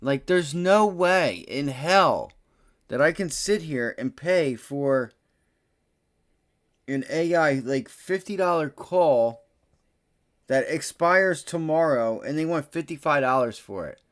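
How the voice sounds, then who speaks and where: A man hosting a live day-trading stream, cursing bluntly and swinging between low muttering and loud excited bursts. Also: slow pace. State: frustrated. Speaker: livestream day-trading host.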